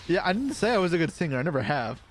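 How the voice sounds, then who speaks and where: A man casually commentating his own card game play on a live stream, joking and swearing. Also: a little high. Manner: laid-back, jokey, swears and laughs often.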